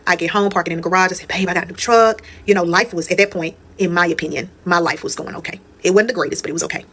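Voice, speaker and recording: Young woman, slightly low register; blunt, chatty storytime delivery. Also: rapid-fire, a bit bright, a little hiss or hum. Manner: candid, profane, conversational, addresses viewers as y'all. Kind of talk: casual storytime monologue.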